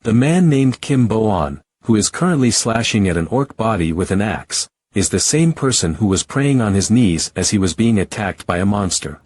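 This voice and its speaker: A man giving a first-person story recap narration in a steady, even reading. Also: fairly low pitch, normal speed, hardly any pauses, no room sound.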